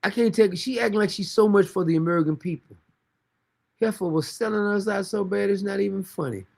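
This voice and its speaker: A man's voice: high voice, fairly quick, gravelly. A man hosting a commentary stream, reacting to news clips in a sarcastic, mocking, slangy way. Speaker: commentary host.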